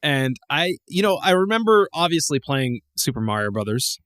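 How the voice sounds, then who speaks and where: Man, podcast co-host, casual chat, animated up-and-down pitch, very dry close sound, rambling. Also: moderate pace, clean tone, no echo. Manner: rambling, laughing, swearing, many restarts.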